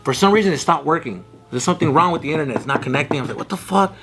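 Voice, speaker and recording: Fast-talking man with a gravelly voice. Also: on the high side, background noise. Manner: loud animated storytelling, swearing, mimics his dad. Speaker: guest. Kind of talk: casual storytelling among friends.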